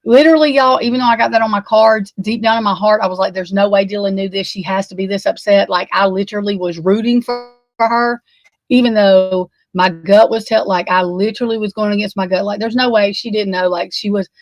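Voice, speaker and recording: A woman talks through a true crime case, shaken and near tears. She stammers, breaks off mid-sentence and swears often. Her voice sits at an ordinary pitch and is recorded close and dry. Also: steady tone, dry recording, low-quality recording. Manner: distraught, halting, swearing, stammering. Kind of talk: emotional unscripted commentary.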